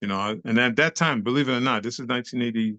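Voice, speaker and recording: An older man, an interview guest and nightclub dancer, telling a lively story full of slang and cursing. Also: mid-range voice, racing, no room sound, highs cut off. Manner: lively, acts out other voices, street slang and cursing.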